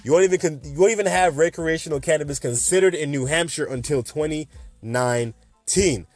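A young man in his twenties rants on his podcast, rambling and joking with a sarcastic edge. His voice sits a little high for a man. The sound is close and dry, with faint music underneath. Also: fairly quick, no echo. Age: 20s. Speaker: podcast host. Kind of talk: casual podcast rant.

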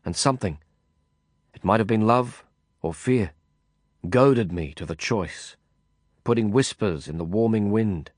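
A man reading a first-person audiobook narration in a measured, reflective way. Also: lowish voice, no room sound, clean studio sound.

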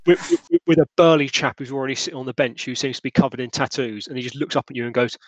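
A man running a tabletop role-playing game as game master, narrating in a halting, laughing way. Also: mid-range voice, steady tone, dry recording, dull audio.

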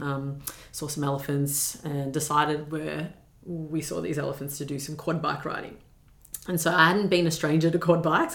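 A young woman with a deep voice and a gravelly edge recounts a personal story as a podcast guest. She is earnest and reflective and pauses on fillers. The room around her is echoey.

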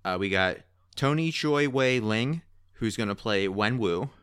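A man co-hosting a podcast in casual chat, talking in an excitable, rambling way. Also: fairly low pitch, measured pace, smooth, dry recording, studio quality. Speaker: podcast co-host.

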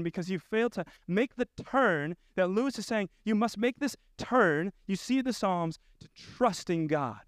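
A man's voice: high-pitched, lively intonation, normal speed, hardly any pauses, fairly bright tone, clean tone, no echo, clean studio sound. A male pastor preaching a sermon, earnestly reading quoted passages aloud. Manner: earnest, reads quotes with rising intensity.

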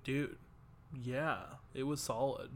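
A man's voice: mid-range voice, fairly even intonation, takes it slowly. A young man co-hosting a casual podcast, enthusiastic and stammering as he gushes to his friend. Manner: enthusiastic, stammering restarts, says "dude" often. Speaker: podcast co-host. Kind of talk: casual chat.

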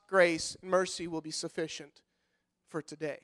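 A middle-aged man preaching a sermon in a high, clear, resonant voice. He is folksy and repeats words when he gets going. He swings between loud, fervent passages and quiet, soft-spoken stretches. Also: flat delivery, normal speed. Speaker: pastor.

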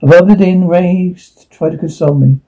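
A man's voice: high-pitched, normal speed, warm tone. A man telling a rueful first-person story from his youth, self-deprecating in tone. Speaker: narrator. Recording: tinny phone-like line.

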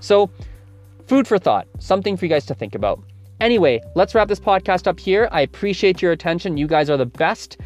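A man's voice: high voice, expressive, fairly quick, soft background music. A man hosting a language-learning podcast, explaining casually and correcting himself as he goes. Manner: chatty, explains with self-corrections and examples. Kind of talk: casual spoken lesson.

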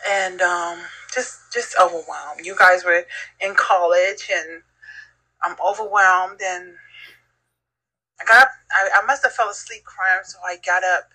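Husky, bright-voiced middle-aged woman. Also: fairly low pitch, steady tone, unhurried, low-quality recording. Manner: heartfelt, reflective storytelling. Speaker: podcast guest, host's mother. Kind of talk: casual chat.

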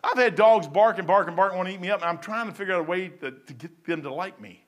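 A man preaching a sermon in a folksy, rambling way, swinging between loud bursts and quiet asides. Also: sits high, fast. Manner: folksy and rambling, with stumbles and chuckles.

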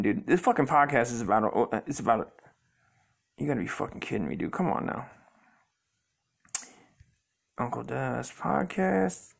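A young man from Southern California hosts his own podcast, ranting profanely in a rambling solo episode and muttering in frustration at his computer. His voice is mid-range and creaky.

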